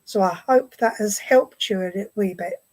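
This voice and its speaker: A woman with an English accent giving a clairvoyant message at a spiritualist service, gently reassuring and often repeating her phrases. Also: mid-range voice, moderate pace, rough recording. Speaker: medium. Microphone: online video stream.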